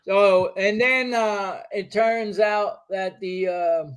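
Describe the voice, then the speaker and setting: A man's voice: high-pitched, slow pace. Profane New man in his sixties. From New York, USA. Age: 60s. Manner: animated, profane, acts out other people's lines. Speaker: podcast guest. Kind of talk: storytelling in a casual interview.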